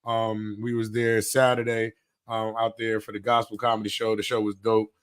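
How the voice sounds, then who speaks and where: A man, co-hosting a podcast in casual chat and telling animated stories. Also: on the low side, normal speed, smooth. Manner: animated storytelling. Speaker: podcast co-host.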